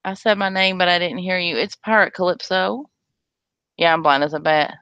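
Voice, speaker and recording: A woman's voice: fairly low pitch, moderate pace, a bit bright, clear, resonant tone, no room sound, dull audio. A woman hosting a casual livestream chat, blunt and sarcastic as she talks with viewers. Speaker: livestream host.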